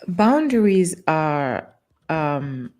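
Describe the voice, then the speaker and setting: A woman's voice: deep voice, sing-song, a little mellow, faint music behind. Thoughtful woman co-host. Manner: slow, searching, thinks aloud with fillers. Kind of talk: casual chat.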